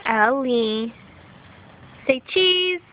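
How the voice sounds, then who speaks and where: High, sing-song woman in baby talk. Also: lively intonation, extremely slow, a little hiss or hum. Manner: sing-song, coaxing and encouraging. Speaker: parent or caregiver filming a toddler. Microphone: phone camera. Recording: dull lo-fi phone recording.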